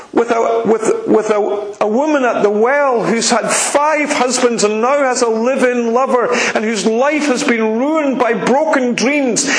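A man delivers a sermon in an emphatic, repetitive style, pressing his listeners with rising questions. His voice sits high and has a gravelly edge. The sound carries a noticeable echo from the room. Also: fairly bright tone. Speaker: preacher. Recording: echoey room.

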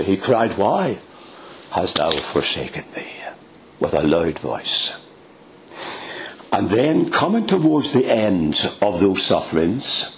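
Older man, sermon, low voice, very slow delivery, faint hiss. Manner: slow, emphatic preaching with dramatic hushed drops. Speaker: preacher.

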